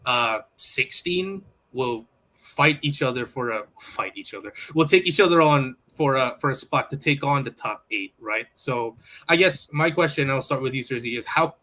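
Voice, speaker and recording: A man's voice: a little high, sharp tone. A man hosting a casual sports podcast, putting questions to his co-hosts in a hesitant, restarting way. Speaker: podcast host.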